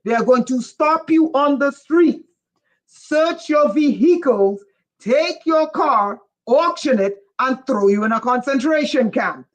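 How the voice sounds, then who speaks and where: A livestream host reading viewer chat, who gets excited and raises their voice, often breaking off with "whoa" and asking listeners whether they follow. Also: sits high, slow pace. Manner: breaks off with repeated "whoa" and "wait". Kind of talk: casual livestream talk to viewers.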